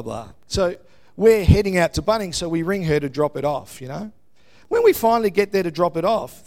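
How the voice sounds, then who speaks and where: A middle-aged Australian man preaching a sermon, telling a story with lively exclamations and frequent "yeah?" tags to his congregation. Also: a little high. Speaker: pastor.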